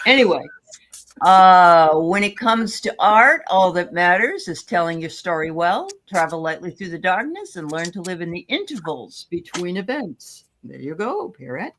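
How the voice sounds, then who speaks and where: A woman's voice: fairly low pitch, very animated, unhurried, fairly bright tone, slight background noise. A woman hosting a live-streamed tarot reading, chatting casually and rambling as she searches for words. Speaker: tarot reader host.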